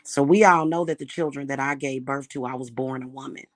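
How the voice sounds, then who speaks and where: A woman's voice: very deep voice, fairly even intonation, fairly quick, dry recording. Angry woman ranting, dry close sound. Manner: heated, profane, repetitive ranting. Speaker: spiritual reader and vlogger. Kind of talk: angry monologue vlog.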